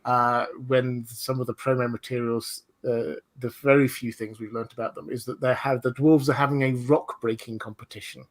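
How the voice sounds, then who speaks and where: A man's voice: mid-range voice, level tone, normal speed, few pauses. A man hosting a casual livestream chat, thinking aloud as he goes. He rambles and digresses, often breaking off and starting his sentences again. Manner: rambling, digressive, many fillers and restarts. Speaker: host. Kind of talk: livestream discussion.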